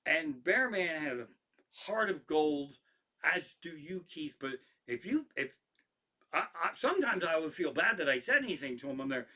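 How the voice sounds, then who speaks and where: A man's voice: fairly high pitch, very animated, moderate pace, sharp tone. A man, a stand-up comedian, telling rambling, profane stories to a live stream audience, often restarting his sentences. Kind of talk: casual storytelling to a live stream.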